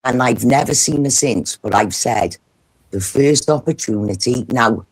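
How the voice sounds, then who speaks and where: With a husky bass voice at a measured pace, a middle-aged British woman tells a story on her livestream. She's blunt and animated, swearing heavily throughout this casual storytelling.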